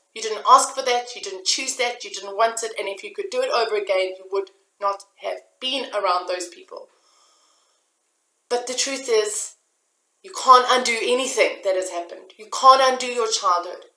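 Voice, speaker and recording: A woman's voice: fairly high pitch, bright, forceful tone, echoey room, low-quality recording. A woman giving an earnest, confessional motivational talk straight to her listeners. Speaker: self-help vlogger. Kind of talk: personal motivational talk to camera.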